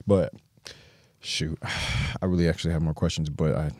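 A young American man hosting a podcast in a relaxed, slangy casual chat. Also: extremely low pitch, normal speed, no echo, studio quality. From United States. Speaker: podcast host.

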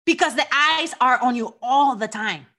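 A woman's voice: high-pitched, moderate pace, sharp tone. A woman from Mexico with a Mexican accent, a wrestling champion speaking with passion in an interview, often repeating herself.

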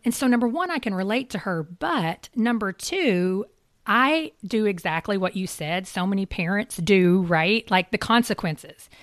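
A woman's voice: medium pitch, animated, a little slow, dry recording, studio quality. A woman hosting a casual interview, earnest and affirming, chiming in with agreement. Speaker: podcast host.

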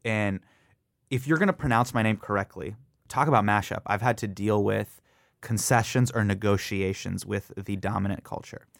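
A man in his thirties talks as an interview guest, with a low voice that has a gravelly edge. He tells stories with energy and acts out the voices of people he quotes. The sound is dry and close. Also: moderate pace, no echo. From United States. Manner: animated storyteller who acts out quoted voices. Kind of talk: casual interview chat.

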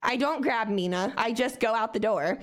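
A woman's voice: fairly high pitch, moderate pace. A young woman telling a story in casual talk, swearing freely and acting out the voices of the people in it. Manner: animated, swears freely, acts out quoted voices. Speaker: podcast guest.

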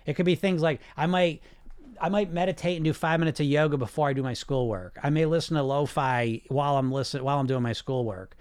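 A man's voice: a little high, fast, a little mellow, smooth, dry recording. A man hosting a weight-loss coaching show, talking energetically and straight to his listeners, often repeating himself. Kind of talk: casual live coaching talk.

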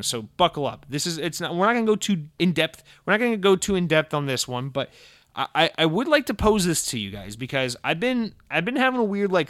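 A man from Massachusetts hosting a podcast in casual chat, animated and profane, jumping between loud rants and muttered asides. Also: on the high side, no room sound, studio quality. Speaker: podcast host.

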